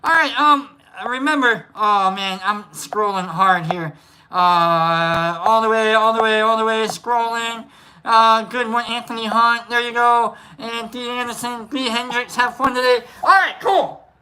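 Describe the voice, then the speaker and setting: A woman hosting a casual livestream, reading out viewer shout-outs in a playful, rambling way and swearing freely. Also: a little high, a little slow, clean tone, poor audio. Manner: loose and meandering, lots of fillers.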